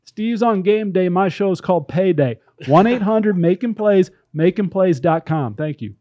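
A man with a high voice co-hosting a sports podcast. He rattles off a parody sales pitch with brash huckster swagger, selling hard with comic confidence. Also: dark tone, muffled recording. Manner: fast-talking huckster bravado. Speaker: podcast co-host. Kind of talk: mock infomercial pitch, casual chat.

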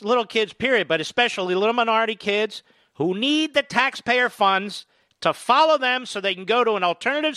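A man's voice: extremely high pitch, sharp tone, clear, resonant tone, no room sound. A man hosting a political talk radio show, emphatic and indignant, hammering points home by repeating them.

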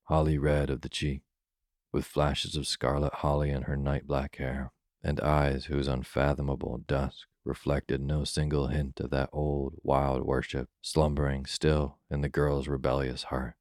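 A man reads a classic holiday tale for listeners drifting off to sleep. His voice is extremely deep and flat. The sound is close and dry, with no room around it. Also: no echo. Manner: calm, soothing, unhurried. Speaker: storyteller. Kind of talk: slow bedtime story reading.

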